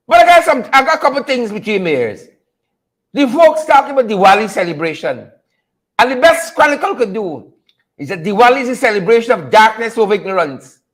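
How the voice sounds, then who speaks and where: Animated high-voiced man hosting. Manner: animated, talks to viewers by name, repeats catchphrases. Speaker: host of a live political show. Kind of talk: casual live-stream commentary.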